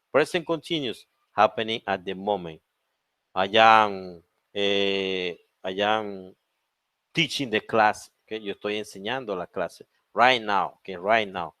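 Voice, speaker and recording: Bilingual male teacher, low dry voice. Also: fairly bright tone, no room sound. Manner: explains in English then repeats in Spanish, many "okay?" checks. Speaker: English teacher. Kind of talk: bilingual grammar lesson.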